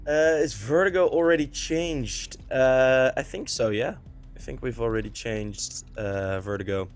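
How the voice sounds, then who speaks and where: A man casting an esports match live, chatting loosely with many fillers while waiting out a technical pause, still in his morning voice. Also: medium pitch, faint music behind. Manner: relaxed, filler-heavy chatter during a tech pause. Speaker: esports caster.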